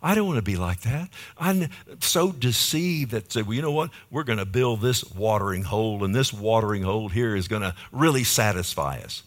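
A lower-voiced man preaches with passion, repeating phrases in a steady rhythm and calling out to his listeners. He drops into hushed, low lines, then comes back hard with loud emphasis. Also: normal speed, few pauses. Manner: impassioned, rhythmic repetition with calls to the congregation. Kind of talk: sermon.

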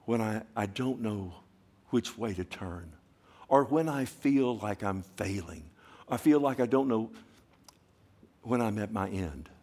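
A male pastor preaching a sermon with passion, dropping to a hush and then rising loud, asking his congregation questions again and again. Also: fairly low pitch, animated, unhurried, pauses often. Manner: impassioned, swings from hushed to loud.

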